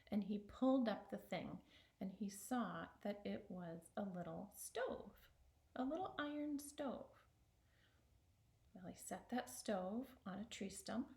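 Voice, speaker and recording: Woman folktale storyteller, expressive with suspenseful whispers, echoey room. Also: mid-range voice.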